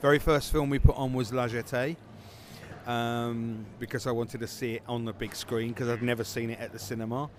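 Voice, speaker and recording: A man's voice: medium pitch, flat delivery, normal speed, noisy background. A man who founded a film festival, answering interview questions casually with many fillers and restarts.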